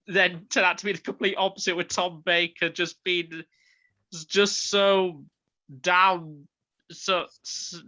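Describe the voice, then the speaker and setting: Male podcast co-host, rambling and casual, crisp bright tone, muffled lo-fi recording. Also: sits high. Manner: rambling, with many ums and restarts. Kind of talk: casual review chat. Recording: dull lo-fi mic.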